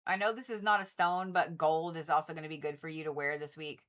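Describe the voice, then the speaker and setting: Woman, livestream card reader, bright forceful tone, chatty and blunt with the odd curse. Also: sits low, fairly even intonation, quick pace. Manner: chatty, swears freely, talks straight to viewers. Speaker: Reiki practitioner and tarot reader. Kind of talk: casual livestream card reading.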